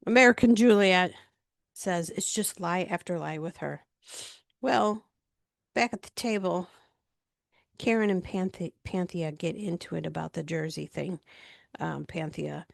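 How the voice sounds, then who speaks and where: Slow, gravelly-voiced woman recapping TV. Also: fairly low pitch, no echo, clean studio sound. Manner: chatty retelling with frequent fillers. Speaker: reality TV recap vlogger. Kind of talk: casual episode recap.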